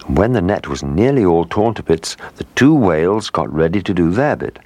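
A man narrating a children's story with expressive storytelling. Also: low voice, normal speed, no echo.

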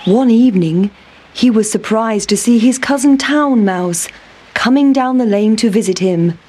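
Slow, gentle woman reading a storybook. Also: fairly high pitch, breathy edge. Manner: gentle, expressive.

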